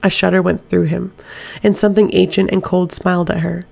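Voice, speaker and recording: A woman narrating an audiobook in a steady, measured reading voice. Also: fairly low pitch, vocal fry. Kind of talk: scripted narration.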